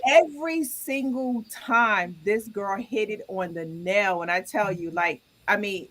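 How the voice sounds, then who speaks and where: An animated woman co-host tells stories in casual chat. She is candid and self-critical, with lively turns of phrase. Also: mid-range voice, a little slow, poor audio.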